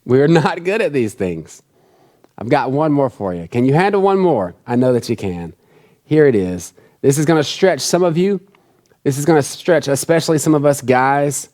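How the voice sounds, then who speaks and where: A man's voice: medium pitch, lively intonation, moderate pace, a little mellow. A man preaching a sermon in an earnest, conversational way, repeating key phrases for emphasis. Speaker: pastor.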